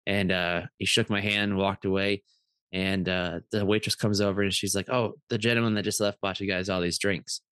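A man's voice: deep voice, moderate pace, smooth, no echo, clean studio sound. A man in his thirties, a podcast co-host, telling casual stories full of fillers and restarts. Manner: rambling, animated anecdotes with many fillers. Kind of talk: casual storytelling chat.

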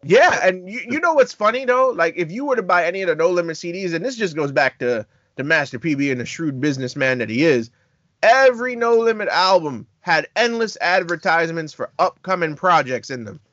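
A man with a slightly high voice chats on a casual podcast. He reels off long lists with enthusiasm. The recording is dry and a bit dull. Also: lively intonation, a little fast, a bit bright, dry recording. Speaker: podcast co-host. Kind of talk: casual chat.

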